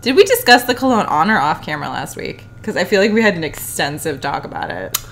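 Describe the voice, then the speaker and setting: A young woman co-hosting a podcast, chatting casually with dry, quick deadpan jokes. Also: low-pitched. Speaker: podcast co-host. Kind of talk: casual recap chat.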